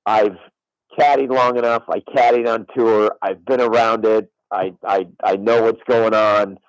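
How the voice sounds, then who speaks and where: A man's voice: fairly low pitch, fairly even intonation, measured pace, no echo, rough recording. A middle-aged man, a former caddie, telling a long story on radio and swearing on his daughter's life. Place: radio studio.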